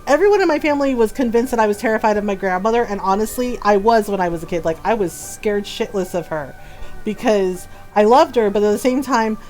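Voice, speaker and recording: A middle-aged woman, a gaming streamer, telling a story in casual chat, animated, laughing often and asking "right?" a lot. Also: high-pitched. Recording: faint music behind.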